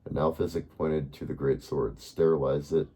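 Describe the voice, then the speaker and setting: A man reading a bedtime story aloud in a calm, unhurried way, now and then correcting himself. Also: extremely low pitch, husky.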